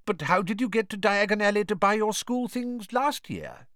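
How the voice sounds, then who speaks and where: A man voicing an excitable, curious middle-aged wizard father. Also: sits high, normal speed, dry recording, clean studio sound, pitched above the performer's own voice. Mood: eager.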